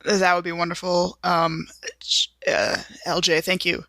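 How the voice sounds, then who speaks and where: A woman's voice: lowish voice, little pitch movement, measured pace, pushed and bright. A woman playing a prim, genteel woman doctor in a role-play, speaking politely and properly with hesitant ums.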